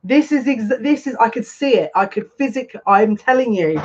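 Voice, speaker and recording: Excitable breathless psychic. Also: mid-range voice, normal speed, few pauses. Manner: excitable, breathless, constantly breaking off mid-sentence. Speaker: psychic tarot reader. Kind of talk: live-streamed tarot reading. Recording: dull lo-fi stream audio.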